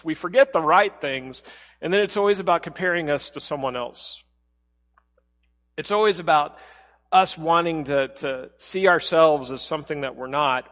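A man preaching a sermon as a pastor, talking in a conversational way and dropping to a soft low voice when he quotes. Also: long reverb tail.

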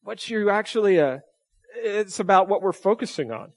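Man, pastor, chatty sermon, slightly high voice. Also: moderate pace, gravelly. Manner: conversational, asks the congregation questions, animated.

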